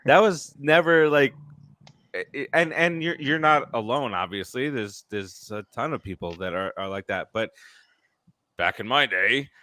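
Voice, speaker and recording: A man co-hosting a sports podcast who rambles through his points. His voice is bright and forceful, at a mid pitch. The sound is dry. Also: lively intonation, measured pace, no echo. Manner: rambling, restarts, many fillers. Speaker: podcast co-host. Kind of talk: casual sports chat.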